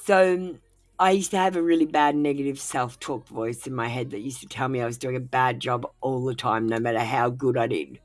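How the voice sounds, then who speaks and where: A woman's voice: a bass voice, fairly even intonation, normal speed. A woman giving frank, casual advice on a tarot livestream while feeling unwell, swearing freely and dropping in many fillers.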